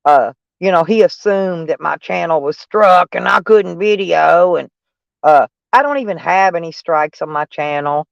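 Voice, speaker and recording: A woman's voice: lowish voice, moderate pace, creaky, dry recording, lo-fi sound. A middle-aged woman chatting casually on a live stream, mocking and sarcastic toward trolls in her chat. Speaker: van life streamer.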